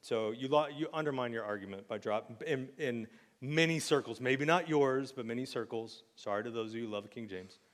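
A man preaching a sermon in a casual, joking way, with sudden loud acted outbursts. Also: mid-range voice, moderate pace, in a large hall. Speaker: pastor. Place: church sanctuary.

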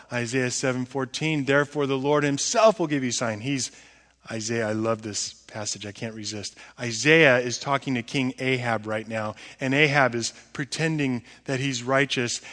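A man preaching a sermon as pastor, swinging from quiet low murmurs to loud, emphatic high peaks. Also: normal speed. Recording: long hall reverb.

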